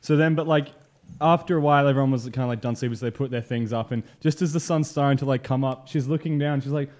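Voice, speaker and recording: A man's voice: mid-range voice, fast talker, a little mellow. A young man telling a story in casual chat, laughing often and using many fillers. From Australia.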